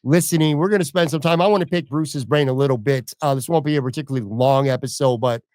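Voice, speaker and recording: A man's voice: medium pitch, fast talker, darkish tone, no room sound. A man hosting a casual podcast interview, asking long rambling questions with speech. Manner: chatty, rambling questions with fillers. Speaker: podcast host.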